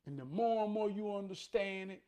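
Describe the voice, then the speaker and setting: High-voiced man preaching self-discipline. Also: brisk. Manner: preachy, storytelling, swings from loud to near-murmur. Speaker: motivational speaker. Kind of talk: motivational monologue.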